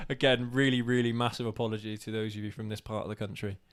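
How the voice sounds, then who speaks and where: A man's voice: medium pitch, little pitch movement, moderate pace. A man co-hosting a casual live stream, laughing often and coaxing his partner along.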